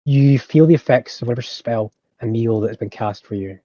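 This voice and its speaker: Male game master, calm rules voice, mellow and dry. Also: mid-range voice, fairly quick, dry recording, lo-fi sound. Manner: calm, clarifies rules and rolls. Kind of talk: running a tabletop game over voice chat.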